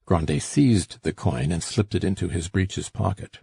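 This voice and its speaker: A man narrating a classic novel as an audiobook in a measured storytelling manner. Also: deep voice, gravelly, warm tone, breathy edge, no echo, clean studio sound. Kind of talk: scripted narration.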